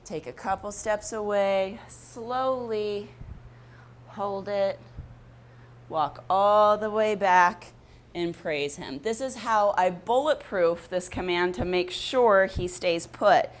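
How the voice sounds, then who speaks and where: A woman teaching dog training in a vlog speaks slowly, explaining calmly and plainly. Whenever she praises her dog, her voice turns high and gushing.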